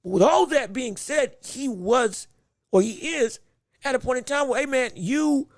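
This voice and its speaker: A man's voice: very high voice, lively intonation, measured pace, no echo, clean studio sound. A man hosting a podcast, giving live boxing commentary in a rambling, self-correcting way with many stammered restarts. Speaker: podcast host.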